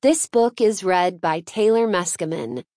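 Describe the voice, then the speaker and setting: A woman's voice: lowish voice, animated, a little slow, warm tone, no echo. A woman narrating an audiobook in a wry, conversational first-person storytelling manner, recorded in a dry booth.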